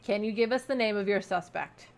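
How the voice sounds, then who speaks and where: A woman voicing an older male judge from a game, speaking slowly and formally. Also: medium pitch, creaky, natural voice. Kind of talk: reading game dialogue aloud.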